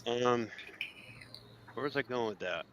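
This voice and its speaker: A man's voice: medium pitch, unhurried, fairly bright tone. A man co-hosting a casual podcast, rambling and trailing off with lots of ums. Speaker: podcast co-host. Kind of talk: casual chat. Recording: dull lo-fi sound.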